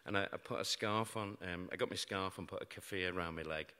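A man's voice: low-pitched, fast, pushed and bright. A middle-aged British man telling a true story to a live audience with wry, self-mocking humour about grim events. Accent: British English. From Britain. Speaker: storyteller on stage. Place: large hall before an audience. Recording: live hall with long reverb.

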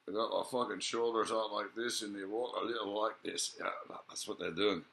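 Rambling, swearing man, forceful voice. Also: on the low side, fairly even intonation, a little fast, creaky. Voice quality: profane, rambling, lots of filler sounds. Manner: digressive, musing, asks rhetorical questions. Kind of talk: rambling monologue to camera.

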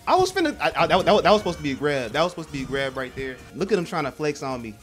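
A young man streaming a game, rambling and swearing as he plays, with loud, animated reactions. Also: a little high, very fast, faint music behind. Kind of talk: excitable gameplay commentary.

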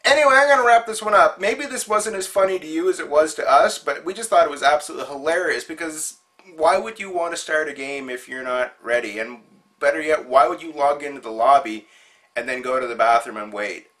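A man's voice: on the high side, fairly quick, a bit bright. A man hosting his own show, telling a funny story in a chatty, amused way. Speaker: show host. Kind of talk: casual storytelling monologue.

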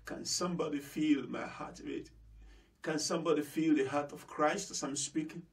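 A man's voice: a little high, steady tone, normal speed, creaky, far from the mic. A man preaching a sermon as pastor. He is fervent, repeats phrases for emphasis and speaks straight to his listeners. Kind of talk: impassioned sermon.

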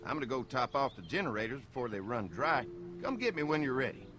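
Actor playing a friendly, helpful young farmer. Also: male voice, medium pitch, big pitch swings, fast talker, natural voice. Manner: polite, helpful. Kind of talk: video game voice acting.

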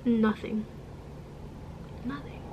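Animated young-sounding woman vlogger. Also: fairly high pitch, very slow, dull audio, heavy background noise. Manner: animated, exasperated storytelling; demonstrates with objects while talking. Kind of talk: casual storytime monologue.

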